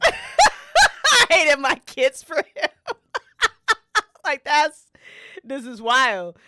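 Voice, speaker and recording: A woman's voice: high-pitched, huge pitch swings, extremely slow, bright, forceful tone, no room sound, clean studio sound. A woman hosting a casual livestream, reading game events aloud and reacting with frequent laughter and swearing.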